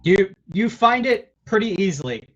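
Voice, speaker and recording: A man's voice: high voice, very animated, moderate pace, fairly bright tone. A man running a tabletop game as dungeon master, casual and amused, laughing often.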